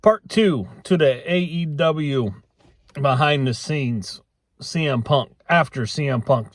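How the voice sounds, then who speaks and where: A middle-aged man talking casually to camera in a vlog, halting with frequent restarts and fillers. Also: on the high side, no echo, clean studio sound. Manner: halting, many restarts and ums. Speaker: vlogger.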